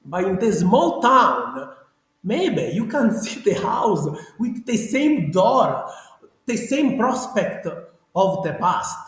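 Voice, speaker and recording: A man's voice: high voice, very animated, slow. A man with a strong Sicilian accent, Italian native, chatting animatedly as a genealogist guest in broken English. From Sicily, Italy. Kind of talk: casual interview chat. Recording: very echoey room.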